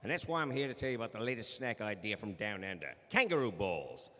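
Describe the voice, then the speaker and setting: A man doing a brash Australian ad pitchman. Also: big pitch swings, fast talker, a bit bright, big-room sound. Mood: salesy. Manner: hard-selling, booming.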